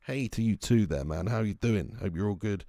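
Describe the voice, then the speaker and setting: A young man streaming a football video game, excitedly commenting, swearing at his players and greeting viewers in chat. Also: lowish voice, normal speed, no room sound, clean studio sound. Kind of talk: live game commentary and chat shout-outs.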